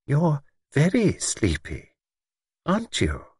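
A man voicing a prim, sly older woman who speaks in a gentle, everyday tone that hides menace, in a storybook reading. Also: on the high side, big pitch swings, a little fast, vocal fry, breathy edge, dry recording, clean studio sound, pitched above the performer's own voice, heavily acted. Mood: soft insinuating.

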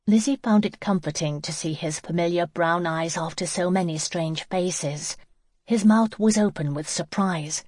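A woman reading a novel aloud as an audiobook narrator, in a steady, measured voice, close to the mic. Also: fairly low pitch, no room sound. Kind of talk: scripted narration.

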